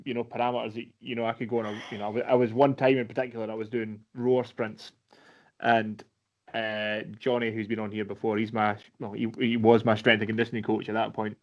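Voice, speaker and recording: A man's voice: fairly low pitch, little pitch movement, quick pace. A man hosting a podcast, chatting in a rambling way with casual swearing and fillers. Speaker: podcast host. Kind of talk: casual chat. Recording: slightly dull lo-fi sound.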